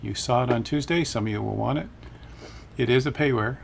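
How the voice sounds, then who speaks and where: A man with a gravelly edge hosts a relaxed live stream, chatting upbeat and calling out viewers by name. His voice sits at an ordinary middle pitch. There is a faint hiss of noise under it. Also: fairly quick. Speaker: host of a flight-sim live stream. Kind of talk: casual live-stream chat.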